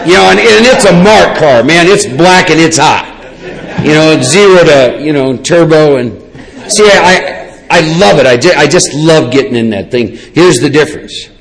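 A man, telling his personal recovery story in a rambling, lively way with many asides. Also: a little high, moderate pace, gravelly, low-quality recording. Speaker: recovery speaker. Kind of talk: personal testimony talk.

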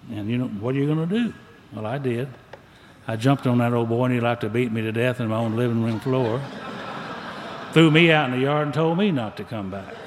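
An older man speaking to a recovery meeting, telling his story in a folksy, plainspoken, drawling way. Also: medium pitch. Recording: echoey hall, faint background noise.

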